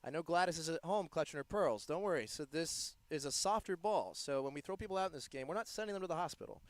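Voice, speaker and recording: A man from the United States giving live play-by-play commentary in a playful, joking, excitable manner. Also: a little high, quick pace, no echo. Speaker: sports commentator.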